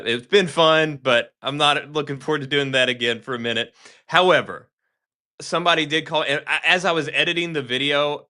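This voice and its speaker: A man's voice: mid-range voice, bright, forceful tone. A man hosting a podcast in casual chat, rambling and correcting himself with a joking tone. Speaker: podcast host.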